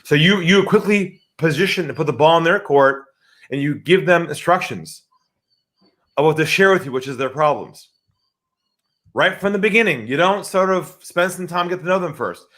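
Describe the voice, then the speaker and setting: A man speaking as a sales expert guest in a podcast interview, animated and emphatic. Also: a little high, normal speed. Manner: animated, acts out quoted voices, emphatic.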